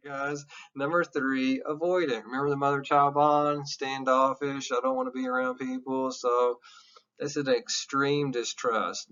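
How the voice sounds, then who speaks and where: A male instructor giving a recorded classroom lecture in a loose, animated style, wandering into candid, jokey asides now and then. The sound is a little dull and lo-fi, as if recorded in a classroom. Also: mid-range voice. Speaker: college psychology instructor.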